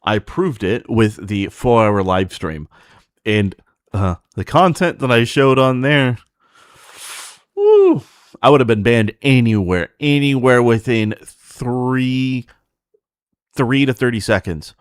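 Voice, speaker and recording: A man's voice: mid-range voice, very animated, slow, smooth, no room sound, clean studio sound. A man hosting a livestream, talking casually in a blunt, profane, ranting way to his chat. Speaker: streamer host.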